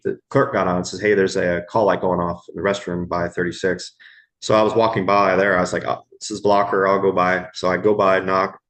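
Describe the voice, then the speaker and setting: A middle-aged man, telling stories from his years as an emergency room medic in a podcast interview, slow and halting, repeating words as he goes. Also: low voice, flat delivery. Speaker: guest, former ER medic.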